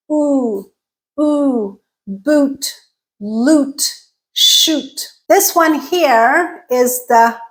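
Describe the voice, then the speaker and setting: A woman with a fairly high voice teaching pronunciation at a very unhurried pace. She models each vowel with care and repeats short example words one by one. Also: poor audio. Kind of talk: slow, careful pronunciation lesson.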